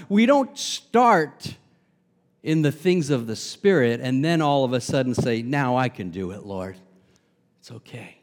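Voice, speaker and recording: A middle-aged male pastor from Long Island, New York, preaches with a slightly raised voice that rings out in a long hall echo. He punches key words hard, then drops to quiet asides and adds light humor. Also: sits high. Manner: emphatic preaching that swings between loud stresses and soft asides, with humor. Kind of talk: sermon.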